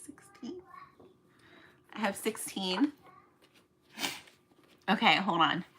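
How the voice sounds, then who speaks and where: Woman, casual vlogger, chatty and self-deprecating, mid pitch, noisy home recording. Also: expressive, slow pace, sharp tone. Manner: chatty, self-mocking, counting aloud while packing. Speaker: small online shop owner. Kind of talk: casual vlog chat to viewers.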